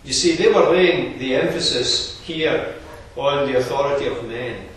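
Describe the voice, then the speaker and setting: A man preaching a sermon in a measured, earnest expository manner. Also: mid-range voice, a bit bright, a little hiss or hum. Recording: very echoey, distant room recording.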